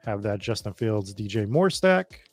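A man hosting a casual fantasy football podcast, talking in an animated way as he rattles through player lists. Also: fairly low pitch, normal speed, dry recording, soft background music. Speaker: podcast host.

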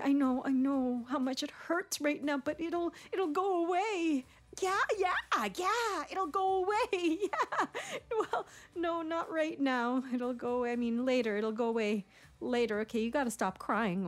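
High-pitched woman in a stammering stage monologue. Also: a little mellow. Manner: rapid, stammering, comic teen chatter. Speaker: stage performer of a one-woman play. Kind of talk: theatrical monologue.

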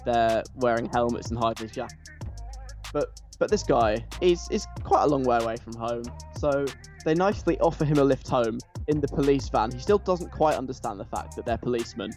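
A man's voice: mid-range voice, normal speed, darkish tone. A man hosting a radio show, chatty and enthusiastic. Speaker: radio host. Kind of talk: casual radio chat. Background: faint music.

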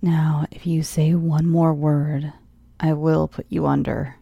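A woman voicing a calm, menacing male surgeon who speaks in a low, hushed, threatening way. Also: takes it slowly, gravelly, no echo, full character voice.

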